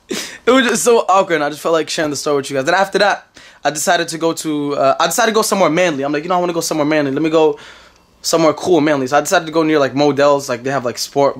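A young man with a New York accent tells a story in a casual vlog, with quick, tumbling words. His voice sits a little high for a man. He rambles, goes back over his own words and breaks into laughs. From United States. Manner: rambling, repeats himself, laughs often. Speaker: vlogger.

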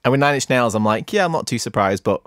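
A man's voice: medium pitch, lively intonation, quick pace, fairly bright tone, dry recording, clean studio sound. A man hosting a podcast, chatting in a playful, jokey way. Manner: playful, jokey, self-mocking. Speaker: podcast host. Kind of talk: casual chat.

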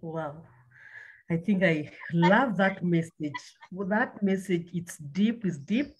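A woman's voice: lowish voice, slow, slightly rough. A woman hosting a talk panel, answering her guests with brief, affirming reactions. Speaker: host.

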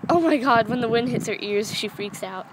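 A teenage girl with a groggy just-woken-up voice, excitedly chatting over her pets outdoors while filming. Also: on the high side, brisk. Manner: excitable, gushing over kittens. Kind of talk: casual chat. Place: outdoors in a yard. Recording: noisy outdoor home video.

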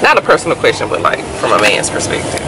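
A woman's voice: extremely low pitch, wildly swooping pitch, fast talker, very noisy. A woman in her forties, vlogging in a chatty, slangy, casual way while holding a phone camera inside a car. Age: 40s. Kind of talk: casual chat.

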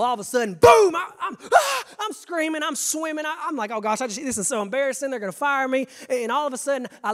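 A young man preaching a sermon, stammering on restarts and swinging from hushed to shouting. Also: high-pitched. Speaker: pastor. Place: church sanctuary. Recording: long church reverb.

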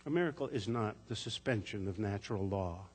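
A man preaching a sermon as pastor, telling a story in a gentle, measured way. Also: lowish voice, animated, slightly rough. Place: church sanctuary. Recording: echoey church sanctuary.

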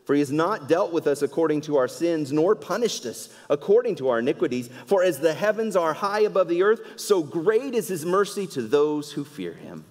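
A male pastor preaching a sermon, swinging between loud emphatic lines and quiet conversational asides. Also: fairly high pitch, big pitch swings, normal speed, hardly any pauses, long reverb tail. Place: church sanctuary.

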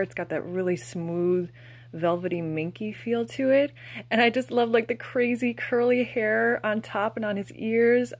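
A young woman gushing softly as she unboxes plush toys, with breathy exclamations and a casual, fond way of talking. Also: medium pitch.

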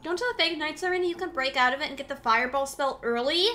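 A woman's voice: high voice, quick pace, hardly any pauses, bright, forceful tone, slight background noise. A woman streamer chatting playfully with her chat while gaming, goofy and self-mocking. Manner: playful, silly, talks to chat.

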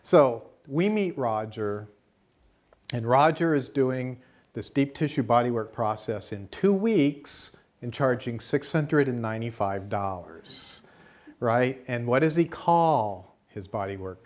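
A middle-aged American man teaching a class through a long personal anecdote. His voice sits at an ordinary pitch for a man. He tells the story in a lively way and acts out the voices of the people in it. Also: slow pace. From United States. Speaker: course teacher.

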